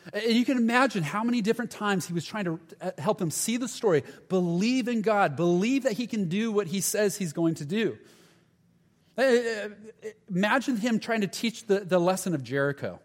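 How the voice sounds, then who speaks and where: A man preaching a conversational sermon as pastor, acting out the voices in Bible stories. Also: high voice. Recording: long reverb of a large hall.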